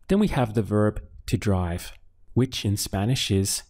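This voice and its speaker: A man teaching a language lesson step by step, patiently asking questions, pausing for answers and sounding out syllables. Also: lowish voice, sing-song, a little mellow. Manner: patient, asks questions then pauses for answers; spells out syllables slowly. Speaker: Spanish teacher.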